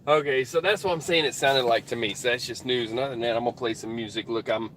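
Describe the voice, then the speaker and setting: A man's voice: mid-range voice, fast, fairly bright tone, a little hiss or hum. A man vlogging in casual rambling chat, interrupting himself and talking folksy from a vehicle.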